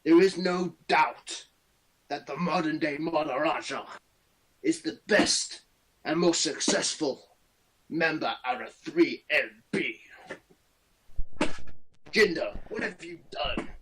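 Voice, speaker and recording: A man's voice: a little high, slow pace, long pauses, a bit bright, a little hiss or hum, low-quality recording. A young man putting on a pompous male wrestling champion, delivering a grand promo.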